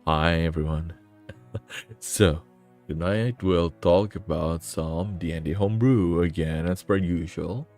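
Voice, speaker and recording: A man putting on a deep, slow, smooth voice as a suave male stream host. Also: a little mellow, faint music behind.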